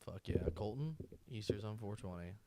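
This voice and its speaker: A man's voice: lowish voice, animated, moderate pace, mellow, a little hiss or hum. A man hosting a comedy podcast, bantering in a laid-back, profane way. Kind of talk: casual podcast chat.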